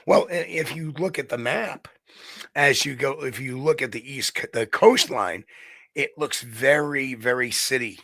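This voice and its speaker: A man's voice: medium pitch, unhurried, bright, forceful tone, no echo. A middle-aged man from New York State, a guest researcher explaining things in a rambling, self-correcting way during a casual interview.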